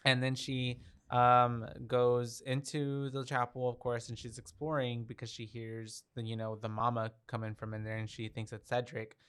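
A man's voice: medium pitch, flat delivery, normal speed, few pauses, a bit bright, smooth. A man co-hosting a podcast, casually recapping a horror film with lots of fillers and the odd swear word. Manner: loose, swears, lots of "like" and "yeah". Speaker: podcast co-host. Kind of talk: casual movie recap chat.

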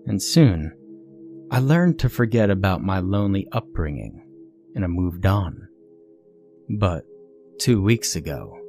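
Man narrating a creepy tale, deep voice, faint music under it. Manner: somber, steady storytelling. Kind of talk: scripted horror narration.

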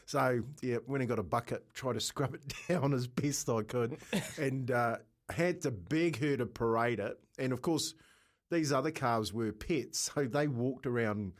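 A middle-aged man with a New Zealand accent, co-hosting breakfast radio and telling a rambling story with lots of laughs. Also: measured pace. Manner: animated, laughing, raises pitch for quoted voices. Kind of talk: casual storytelling.

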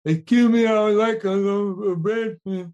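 A man voicing a timid little boy with a speech impediment, high and halting. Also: fairly even intonation, darkish tone, muffled recording, natural voice. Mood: polite.

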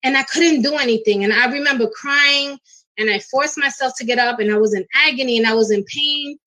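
Bright-voiced woman telling an emotional story. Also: high voice, a little fast, rough recording. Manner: emotional, animated retelling with acted quotes. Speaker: guest. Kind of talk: storytelling in a live talk show interview.

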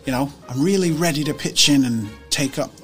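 A man playing a sturdy eleven-year-old farm boy, with a put-on northern English accent and a slow, drawn-out way of telling things. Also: fairly high pitch, soft background music, natural voice. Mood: weary.

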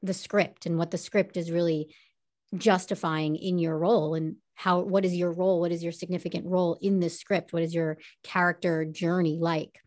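A woman, an actress and podcast guest, sharing her personal testimony as an enthusiastic, expressive storyteller. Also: fairly low pitch, moderate pace.

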